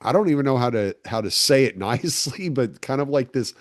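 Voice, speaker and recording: A man hosting a relaxed conversation, rambling with lots of filler words. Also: mid-range voice, fairly quick, no echo, clean studio sound. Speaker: podcast host. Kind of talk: casual conversation.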